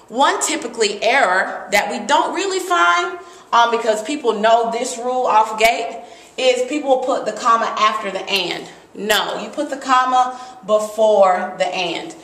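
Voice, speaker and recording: A woman giving a lively grammar lesson, talking through example sentences with emphasis. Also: a little high, a little slow. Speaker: teacher. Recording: echoey room.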